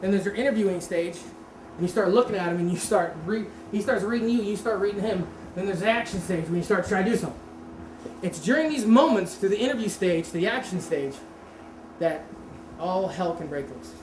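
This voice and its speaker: A woman's voice: mid-range voice, fairly quick. A woman teaching a martial arts seminar, talking casually, quizzing the class and correcting herself. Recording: roomy echo with steady background noise.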